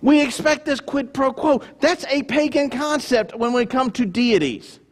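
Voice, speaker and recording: A male pastor preaching a sermon with emphatic swings between loud declarations and hushed, mocking asides. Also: unhurried. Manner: mimics grudging churchgoers in low mocking asides.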